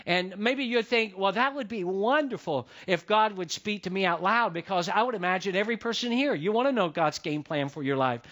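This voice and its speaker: A man's voice: high-pitched, animated, fairly quick, few pauses, fairly bright tone. A male pastor giving a sermon in a conversational way, often repeating phrases for emphasis.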